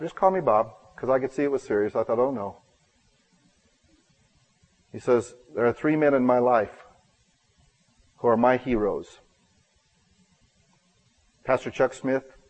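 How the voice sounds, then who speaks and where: Male pastor, sermon delivery, earnest self-deprecating storyteller, voices the dialogue, pushes to loud bursts, mid-pitched voice. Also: rough recording.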